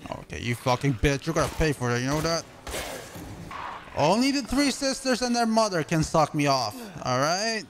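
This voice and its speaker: A male streamer giving live gameplay commentary, loud and excitable with constant swearing. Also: a little high, moderate pace, noisy background.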